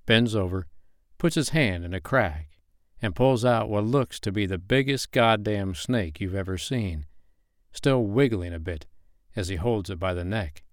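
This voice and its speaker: A man with a lowish voice narrates an erotic audio story in second person. His delivery is slow, measured and soothing. The sound is close and dry, with no room around it. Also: no room sound.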